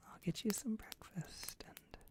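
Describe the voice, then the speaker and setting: A performer voicing a gentle, caring scaled creature in a slow, reassuring whispered role-play. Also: lightly acted. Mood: tender.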